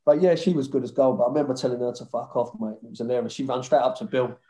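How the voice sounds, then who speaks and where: A man's voice: medium pitch, fast, few pauses, echoey room. A man telling football stories casually, laughing and swearing as he goes. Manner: laughing, swearing, lively storytelling. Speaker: former footballer.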